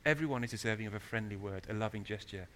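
A man preaching a sermon in a church, telling stories with animated, loud emphasis. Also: fairly low pitch, racing, a little hiss or hum.

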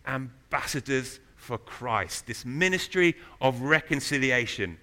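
Male preacher, bright forceful voice, lively storytelling sermon. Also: mid-range voice, measured pace. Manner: storytelling, animated, rises to loud emphasis. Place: church.

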